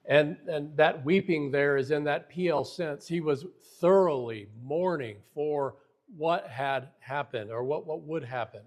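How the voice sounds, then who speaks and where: A man's voice: a little high, measured pace, darkish tone. A man giving a recorded Bible lesson, earnest and emphatic, sometimes restarting his words as he explains. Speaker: Bible teacher.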